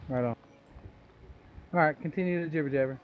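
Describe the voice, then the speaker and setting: A man's voice: a little high, a little fast. A man in voice chat during a game, impatiently urging the group to move on. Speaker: gamer. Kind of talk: casual chat over gameplay. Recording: tinny voice chat line with faint hiss.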